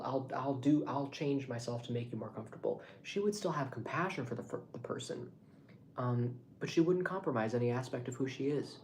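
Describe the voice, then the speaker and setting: A man's voice: mid-range voice, slight background noise. Rambling, swearing young man. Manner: rambling, animated, swears freely. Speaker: vlogger. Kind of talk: casual monologue to camera.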